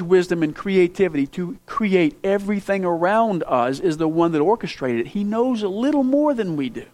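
A male preacher delivering a sermon to his congregation in a fairly high voice. He speaks to them as if in conversation, asking pointed questions, then surges to loud emphasis before dropping back to hushed asides. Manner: emphatic, with sudden loud rises and quiet drops; conversational, asks the listeners direct questions. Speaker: pastor.

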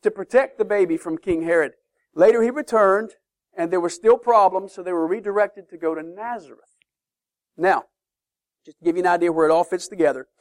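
A man teaching a sermon-style Bible lesson to a class, emphatic and lively, often checking in with questions. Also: sits high, no echo, clean studio sound.

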